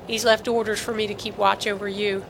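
A woman reading the part of a protective male military officer in an audiobook, speaking in a measured, diplomatic yet firm way. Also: medium pitch, flat delivery, vocal fry, slight background noise, close to an everyday voice, rough recording.

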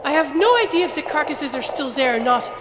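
A woman's voice: high-pitched, animated, a little fast, echoey room, in a large hall, background noise, pitched above the performer's own voice. A woman voicing a haughty woman scientist with a foreign accent who answers coldly and curtly. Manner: cold, curt, dismissive.

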